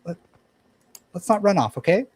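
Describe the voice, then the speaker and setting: A man voicing a flustered sixteen-year-old badger girl who herds her younger siblings and apologizes in a raised, hurried voice. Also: sits high, very animated, a little mellow, husky, voice pushed up, exaggerated voice. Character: teenage badger girl, flustered older sister.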